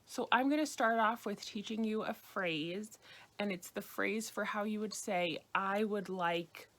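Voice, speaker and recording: An American woman teaching beginners a language lesson, patiently repeating phrases slowly. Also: medium pitch. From United States. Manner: patient, slow repetition of phrases. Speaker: French teacher.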